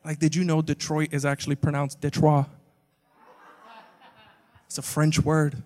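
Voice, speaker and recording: A man preaching a humorous sermon to a congregation, animated and swinging between loud exclamations and quiet asides. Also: a little high, measured pace. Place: church sanctuary with a live congregation. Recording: long hall reverb from a church sanctuary.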